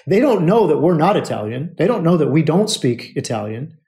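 Gravelly-voiced man telling an emotional story. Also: a little high, big pitch swings, brisk, dark tone. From United States. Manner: emotional, repetitive, addresses listeners as brothers. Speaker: podcast host. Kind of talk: personal storytelling monologue.

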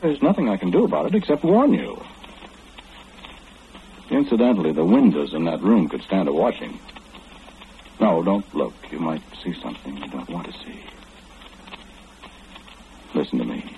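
An actor playing a calm, wry clairvoyant man who knows everything, in 1940s radio acting. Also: low voice, phone-quality sound, a little hiss or hum. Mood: knowing. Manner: knowing, unhurried, gently mocking.

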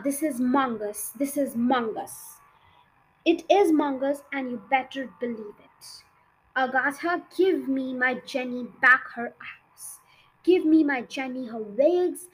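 Storybook ghost's warning, slow and menacing, read by a woman. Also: sits high, slight background noise, poor audio.

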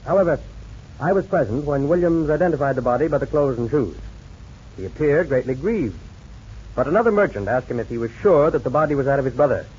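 An actor playing a calm, methodical male insurance investigator in a 1940s radio drama, speaking in a measured, businesslike way. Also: mid-range voice, breathy edge. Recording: dull lo-fi old radio recording with faint hiss.

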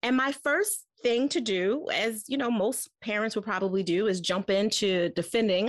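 A woman's voice: medium pitch, normal speed, no room sound. Candid woman guest, dry close sound. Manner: candid, animated, laughs often while telling. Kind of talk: personal storytelling in conversation.

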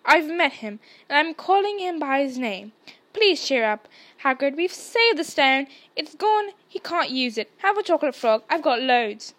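A woman's voice: high-pitched, big pitch swings, a little slow, a bit bright, full character voice. A woman voicing an earnest, thoughtful young schoolboy wizard. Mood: urgent.

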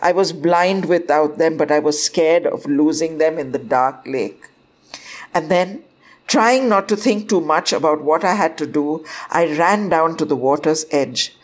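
A woman narrates a first-person story at an unhurried, drawn-out pace. Her voice sits fairly low, and she tells it expressively, jumping far higher whenever she quotes someone crying out. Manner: expressive, lifts the voice sharply for quoted cries.

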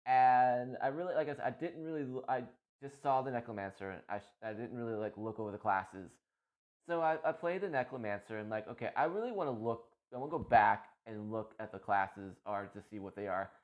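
A man's voice: mid-range voice, fairly quick, highs cut off. A man who makes gaming videos, chatting casually and rambling, often repeating himself and laughing easily. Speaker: gaming content creator. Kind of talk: casual chat about a game.

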